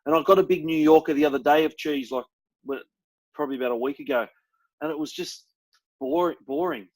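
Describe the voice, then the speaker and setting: A man's voice: on the high side, steady tone, a little fast, a little mellow, poor audio. A young Australian man co-hosting a podcast, chatting casually, bluntly and enthusiastically, with some swearing. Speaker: podcast co-host. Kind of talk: casual chat.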